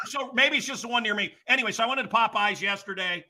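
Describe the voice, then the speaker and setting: Brief: middle-aged man, talk host, high bright voice, profane comic rants. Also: fast talker. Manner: blunt, profane, sets up jokes. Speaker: radio and podcast host. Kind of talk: comedic ranting storytelling.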